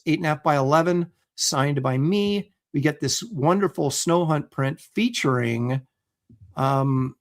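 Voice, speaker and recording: A middle-aged man hosting a casual livestream, talking loosely with plenty of ums and uhs. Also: on the high side. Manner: chatty, loose, lots of fillers. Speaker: host.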